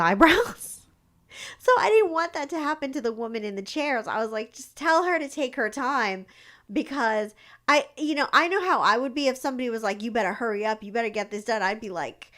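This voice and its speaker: A woman's voice: fairly high pitch, fairly bright tone. A young woman hosting a live stream, rambling casually with lots of fillers and acting out quoted lines. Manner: chatty, rambling, lots of "like" and restarts; acts out quoted lines in her stories. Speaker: psychic livestream host.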